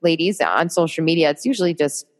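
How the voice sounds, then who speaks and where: Woman, podcast guest, lowish voice, upbeat, motivational, laughs often. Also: fast. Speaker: podcast guest, marketing entrepreneur. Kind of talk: casual interview chat.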